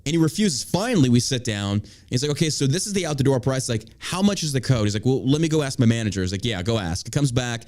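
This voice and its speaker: A man's voice: medium pitch, expressive, fast talker, hardly any pauses, darkish tone. A man hosting a casual talk show, ranting with energy and mocking people in put-on voices. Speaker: podcast host. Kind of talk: casual profane chat.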